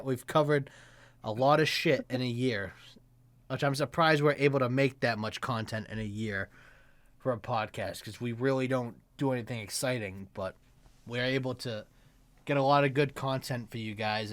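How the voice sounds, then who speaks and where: A man's voice: medium pitch, dry recording. A man co-hosting a podcast in casual chat, laughing often and swearing in jokes. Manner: laughs often, crude and joking. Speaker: podcast co-host.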